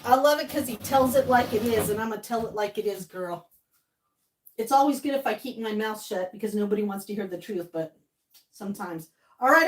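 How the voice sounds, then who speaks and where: A woman in her fifties from Maine, hosting a casual livestream from her home kitchen, gushing and emotional as she talks with viewers. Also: mid-range voice. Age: 50s. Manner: gushing and emotional, swings between tearful and loud squealing laughter. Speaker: livestream host.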